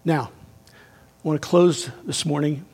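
A man preaching a sermon as pastor, emphatic and swinging between raised and hushed delivery. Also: fairly high pitch, steady tone, unhurried, slightly rough.

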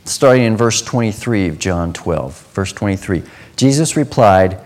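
A man preaching a sermon, earnest, dropping to a hushed tone and then rising to emphatic passages. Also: fairly low pitch, lively intonation, normal speed.

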